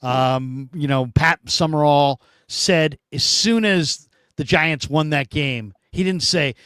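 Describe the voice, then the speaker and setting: A man hosting a casual sports talk show, telling stories in an animated, emphatic way. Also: a little high, slow pace, clear, resonant tone, no room sound, clean studio sound.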